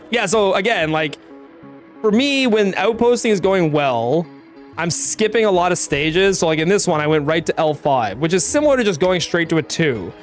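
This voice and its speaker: A man with a notably high speaking voice talks loosely to his stream audience, relaxed and quick to swear or laugh. Soft music plays faintly underneath. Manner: laid-back, swears and laughs often. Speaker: game streamer. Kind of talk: casual stream commentary.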